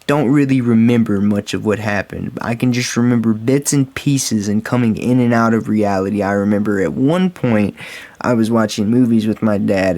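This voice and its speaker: A man's voice: on the low side, darkish tone. A man telling a casual storytime vlog story, rambling and swearing freely and calling his viewers guys and bro. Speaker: storytime vlogger.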